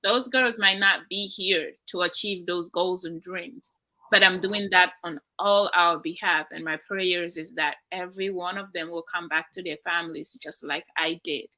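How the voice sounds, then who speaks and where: A woman's voice: lowish voice, steady tone, moderate pace, rough recording. A young woman from Nigeria in her twenties, a guest speaking earnestly and prayerfully about her own story over a remote call. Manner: earnest, prayerful, soft-spoken with brief laughs. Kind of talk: emotional personal testimony.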